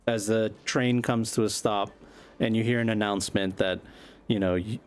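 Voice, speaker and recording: A man's voice: lowish voice, fairly even intonation, slight background noise. A man narrating a tabletop role-playing game as game master in a casual, loose manner. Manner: casual, quick narration with frequent fillers.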